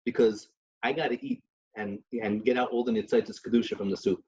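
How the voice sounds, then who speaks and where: A man's voice: fairly low pitch, fairly even intonation, brisk, a little mellow, recorded from a distance, dull audio, natural voice. A man voicing an older rabbi who speaks in a self-important, emphatic way. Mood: grand.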